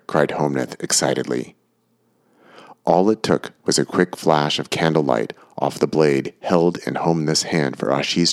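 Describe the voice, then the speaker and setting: Very deep-voiced male narrator. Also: gravelly. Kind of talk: audiobook narration.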